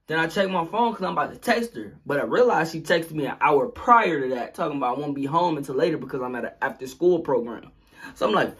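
Young man, storytime vlog, husky voice, lively swooping pitch, slightly high. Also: fast talker. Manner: animated storytelling, acts out sounds and quotes. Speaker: vlogger.

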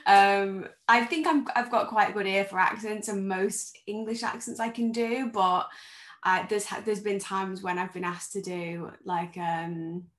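A woman's voice: medium pitch, fairly even intonation, a little slow, roomy sound. A woman actor on a video-call panel, giving friendly, candid advice and thinking aloud as she goes. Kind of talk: conversational panel answers.

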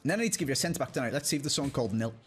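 A man's voice: mid-range voice, expressive, rapid-fire, soft background music. A man bantering as a gaming opponent, teasing and jokey in casual chat. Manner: teasing, jokey, wildly swooping delivery.

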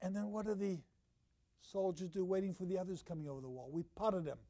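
An older literature professor lectures at a university, alternating loud, emphatic points with low, quiet asides. He reads passages in a slow, deliberate rhythm, his intonation fairly even, and the recording is dry.

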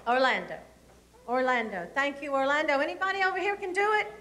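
A woman's voice: sits high, fairly quick, bright, forceful tone, a little hiss or hum. A woman presenting an anti-bullying seminar to elementary students, coaxing them with questions. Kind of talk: presenting to school children.

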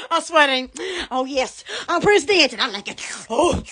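Woman hosting a livestream, loud and goofy, high and bright, voice leaping around. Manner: loud, silly, shrieking with laughter. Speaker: online shop seller on a livestream. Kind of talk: excitable livestream product chat.

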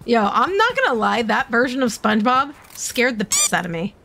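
High, lively young woman streamer. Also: moderate pace, gravelly, slight background noise. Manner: playful, teasing, repeats herself. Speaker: gaming streamer. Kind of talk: casual gaming banter.

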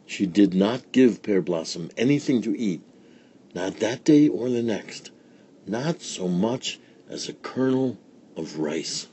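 Male children's story reader, slow, low-pitched, husky. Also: animated, dark tone, a little hiss or hum. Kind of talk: read-aloud story narration for children.

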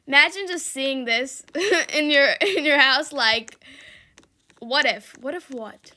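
Speaking slowly in a high voice with a sharp tone, a young woman gaming YouTuber gives casual commentary on her play. She giggles and laughs often, exclaims, shrieks for help, and reads chat aloud.

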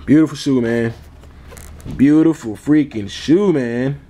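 A man's voice: mid-range voice, takes it slowly, dark tone. Laid back dude showing off his sneakers, says man a lot, chuckles, easygoing. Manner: chuckles often. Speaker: sneaker vlogger. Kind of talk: casual chat.

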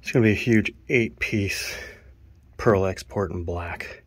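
A man's voice: fairly low pitch, measured pace, slightly rough, dry recording. A man showing off gear in a casual, rambling way, out of breath from carrying things. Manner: rambling, counts items aloud. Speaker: drummer vlogger. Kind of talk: casual show-and-tell.

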